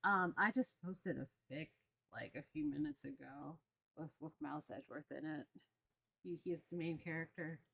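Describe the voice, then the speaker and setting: A woman's voice: sits low, normal speed, vocal fry, sharp tone. A woman streamer chatting casually as she plays a game, rambling along with frequent ums. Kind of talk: casual let's-play chat. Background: game music.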